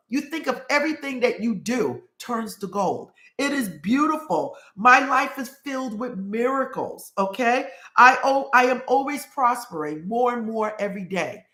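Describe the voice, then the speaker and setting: A woman's voice: fairly high pitch, sharp tone, echoey room. A woman from New York hosting a live stream, reading out viewer comments and greeting people with effusive, repeated praise. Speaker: host.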